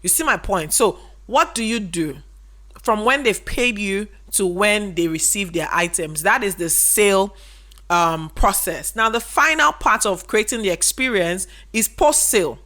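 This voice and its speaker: A woman's voice: medium pitch, expressive, a little slow, sharp tone. A woman, giving a casual business lesson and explaining through rhetorical questions. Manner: repeats key points for emphasis. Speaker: business educator. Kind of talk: casual instructional talk to camera.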